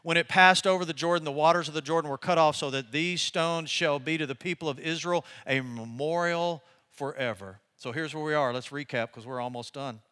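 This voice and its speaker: An older man, a pastor, preaching a conversational sermon and telling animated stories with laughter. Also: a little high, brisk, few pauses, clean tone.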